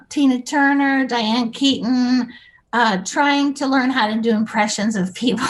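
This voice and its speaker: A woman's voice: high-pitched, fairly bright tone. A woman, a podcast guest, telling chatty stories, giggling often and acting out the voices of the people in them. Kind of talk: casual anecdotal storytelling.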